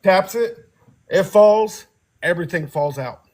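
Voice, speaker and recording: High-voiced man telling a story. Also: unhurried, slight background noise. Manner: animated storyteller, acts out family voices, laughs often. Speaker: podcast co-host. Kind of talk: casual storytelling chat.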